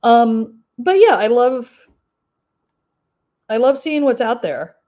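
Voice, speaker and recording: A woman's voice: fairly high pitch, expressive, slow, dark tone, lo-fi sound. A woman with an Ozark twang hosting a crafting livestream, chatting casually with viewers in a rambling way and laughing often. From Ozark Mountains, US. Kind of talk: casual livestream chat answering viewer comments.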